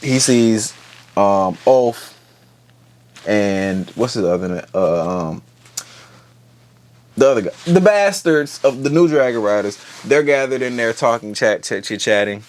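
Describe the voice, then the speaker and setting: A man's voice: medium pitch, measured pace. Profane, joking man recapping a show. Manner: profane, slangy, joking, animated. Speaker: TV recap host. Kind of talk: casual episode recap.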